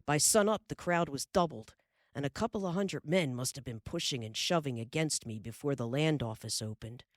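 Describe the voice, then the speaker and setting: A woman's voice: a bass voice, moderate pace, no echo, studio quality. A woman voicing a hearty middle-aged frontier father telling a tale in a folksy drawl. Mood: lively.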